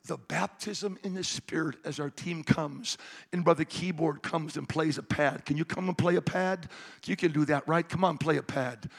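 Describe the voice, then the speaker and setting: A man preaching a sermon, moving between loud, impassioned retellings and quiet, conversational asides to the congregation. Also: on the high side, moderate pace, gravelly.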